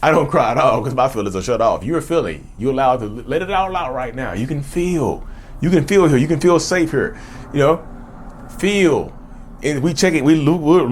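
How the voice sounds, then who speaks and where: A man hosting a mental health channel, talking straight to his viewers. He keeps asking how they feel and often says "y'all.". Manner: lively pitch swings, slows right down on questions. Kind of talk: direct-to-camera talk.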